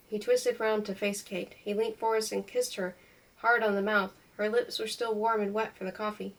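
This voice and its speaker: A woman reading a novel aloud in a steady, even narration. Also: medium pitch, far from the mic, low-quality recording. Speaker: reader.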